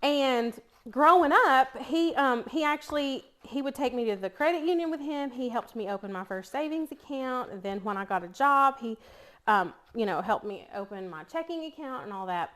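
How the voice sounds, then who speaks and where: Chatty East Tennessee woman, higher voice. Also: lively intonation, normal speed, fairly bright tone. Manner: chatty storyteller, laughs often. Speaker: cooking vlogger. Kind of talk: casual chat while cooking.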